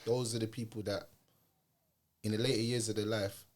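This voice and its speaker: A man from England hosting a casual podcast, telling stories with energy and dropping low and soft for serious points. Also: normal speed. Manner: lively storyteller, drops to a soft low voice for wise points.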